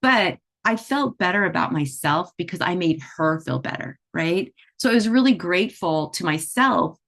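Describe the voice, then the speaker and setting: Low-pitched middle-aged woman, casual teacher who talks things through with the listener. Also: expressive, normal speed, gravelly, fairly bright tone. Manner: chatty, with frequent "you know" and "right?" asides. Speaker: animal Reiki teacher. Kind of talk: conversational teaching talk.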